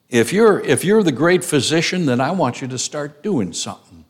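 A man's voice: fairly high pitch, sing-song, normal speed. A man preaching an expository sermon, emphatic, repeating phrases for stress.

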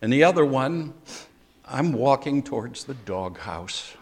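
An older man preaching a sermon as a pastor, conversational, with dry humor and pauses. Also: medium pitch, expressive.

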